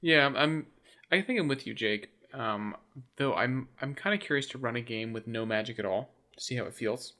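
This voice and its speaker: Male co-host, mid-pitched, dry and teasing, reads out listener mail. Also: normal speed, pushed and bright. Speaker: podcast co-host reading listener questions. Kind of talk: casual chat about tabletop games.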